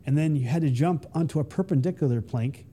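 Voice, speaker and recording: Mellow-voiced man telling war stories. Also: fairly high pitch, fast. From United States. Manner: rambling, self-interrupting, playful voices for others. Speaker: guest, Army veteran. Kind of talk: casual storytelling.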